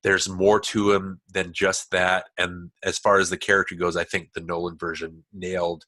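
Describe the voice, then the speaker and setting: A low, husky male voice with a forceful, tense edge, hosting a podcast. He chats casually and digressively, often restarting his sentences as he goes. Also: flat delivery, normal speed. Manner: chatty, digressive, many restarts. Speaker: podcast host.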